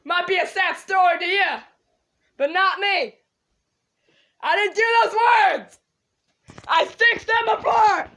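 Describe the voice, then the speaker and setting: A teenage girl vlogging an emotional, tearful apology monologue to the camera, rambling and shouting at times. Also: very high-pitched. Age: teens.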